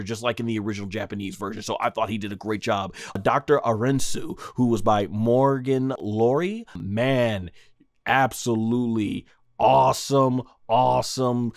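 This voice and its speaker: A man's voice: mid-range voice, no room sound, studio quality. A man hosting an anime review, talking casually and enthusiastically with lots of fillers. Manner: enthusiastic, rambling with many fillers. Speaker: anime review channel host.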